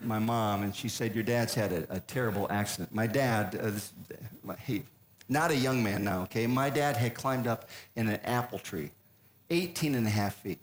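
An older man telling a humorous personal story to a live audience, conversational with deadpan punchlines. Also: lowish voice, normal speed. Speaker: comedic speaker.

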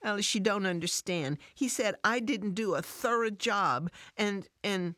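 A woman voicing an upset, defensive working mother who talks in an emotional, high-strung, pleading way. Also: animated, normal speed, a bit bright, dry recording, studio quality.

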